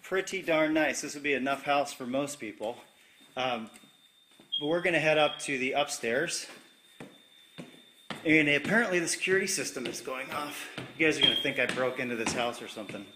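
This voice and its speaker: With a mid-range voice that runs a little fast, pushed and bright, a real estate agent gives a casual, upbeat, jokey tour of a large empty house, filmed on a handheld camera as he walks room to room. The empty rooms echo, and there's a little hiss or hum.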